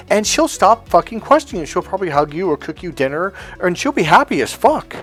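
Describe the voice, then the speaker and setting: A middle-aged man teaching dating advice in a casual, blunt way, swearing often and telling animated stories. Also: high voice, a little fast, few pauses, soft background music. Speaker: dating coach. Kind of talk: casual spoken lesson.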